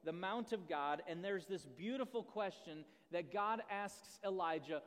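A high-voiced male pastor preaches conversationally, tossing questions to his listeners and poking fun at himself. His voice carries through a church sanctuary with a long reverb tail. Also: a little slow, a bit bright. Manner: conversational, self-deprecating, asks the audience questions. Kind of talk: sermon. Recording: long reverb of a large hall.

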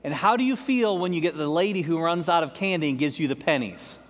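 A man's voice: a little high, a little fast. A man preaching a sermon to his congregation, conversational, with joking asides to the listeners. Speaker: pastor. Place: church sanctuary. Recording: long hall reverb.

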